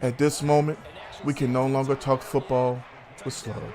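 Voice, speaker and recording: A man's voice: medium pitch, flat delivery, moderate pace, darkish tone. A man hosting a sports talk show, arguing heatedly with a co-host, swearing and calling him bruh.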